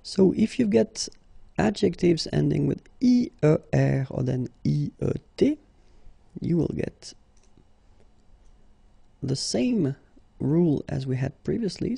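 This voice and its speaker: French-accented man teaching a lesson, husky tone, dry close sound. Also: fairly high pitch, warm tone, dry recording. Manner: patient and explanatory, slow and deliberate. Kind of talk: language lesson.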